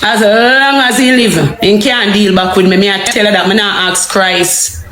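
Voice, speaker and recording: A woman's voice: mid-range voice, fairly even intonation, normal speed, a bit bright. A woman with a Jamaican accent ranting to viewers on a livestream. She repeats herself and keeps asking rhetorical questions. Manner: heated, repetitive, rhetorical questions. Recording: echoey room, faint music.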